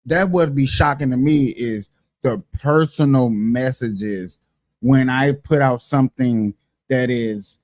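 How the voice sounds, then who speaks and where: A man chatting casually as a co-host, speaking in loose, relaxed phrases. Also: mid-range voice, slow pace, no echo. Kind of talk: casual chat.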